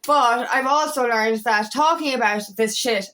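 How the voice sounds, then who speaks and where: A woman's voice: on the high side, moderate pace, bright, forceful tone. A woman working as an empowerment coach, talking casually and frankly to camera, swearing freely and repeating phrases. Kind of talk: casual spiritual vlog talk.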